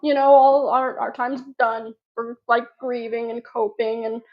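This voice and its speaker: A fairly high-voiced woman talks slowly through a personal story for her channel. She rambles, loops back and restarts her sentences. The recording is dull and lo-fi. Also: steady tone. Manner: rambling, filler-heavy, frequent restarts. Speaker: vlogger. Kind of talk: casual storytelling to camera.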